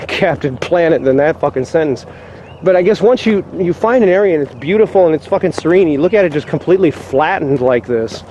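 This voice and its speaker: A man with a somewhat high but mellow voice, swearing his way through an exasperated rant. He talks to a handheld camera as he walks a rural trail. Faint outdoor ambience sits behind him. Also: a little hiss or hum. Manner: profane, exasperated ranting. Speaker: vlogger. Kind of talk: walk-and-talk vlog rant.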